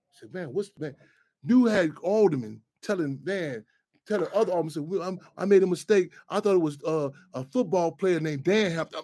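A man's voice: high voice, expressive, moderate pace, mellow. A man hosting a radio talk show, speaking in loose, profane street talk full of restarts.

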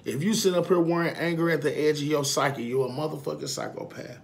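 A man talks fast in a voice on the high side, with fairly even intonation and vocal fry. Vlogging casually to his followers, he's emphatic and profane, hammering his points repeatedly and veering between quiet confessions and loud outbursts.

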